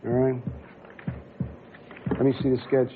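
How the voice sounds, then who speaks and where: A man's voice: mid-range voice, completely flat delivery, a little slow. A man presiding as judge, asking stern and impatient questions in court. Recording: tinny broadcast audio with faint hiss.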